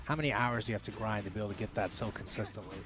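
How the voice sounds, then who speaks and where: A man's voice: fairly low pitch, rapid-fire. A man co-hosting a fighting game watch party in an easygoing, chatty way. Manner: easygoing, chatty, reads chat aloud. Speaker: co-host commentator. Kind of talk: casual fighting game co-commentary. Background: music.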